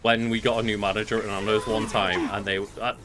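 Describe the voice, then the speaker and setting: A man's voice: lowish voice, fast, crowd noise. A young man from Merseyside, co-hosting a game stream and chatting in a laid-back, sweary way. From Merseyside, England. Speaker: stream co-host. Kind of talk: casual chat over gameplay. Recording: steady background noise.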